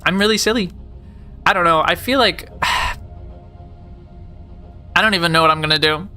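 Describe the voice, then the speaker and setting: A woman in her late twenties rambles through silly stories on a live game stream, sprinkling "like" everywhere and playing up the jokes. Her voice is bright and sharp. Faint music plays under her. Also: fairly low pitch, normal speed, long pauses. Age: late 20s. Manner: rambling, jokey, heavy use of "like". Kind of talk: casual live-stream chat.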